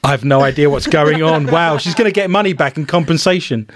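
A man's voice: fairly high pitch, fairly quick, no echo, studio quality. A man hosting a podcast, reading odd news stories with sarcastic, playful asides. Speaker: podcast host.

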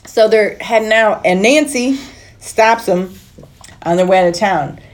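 A woman's voice: medium pitch, unhurried, slight background noise. Chatty woman recapping a plot. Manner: chatty storytelling, puts on voices when quoting. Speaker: podcast co-host recapping a film. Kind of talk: casual chat, plot recap.

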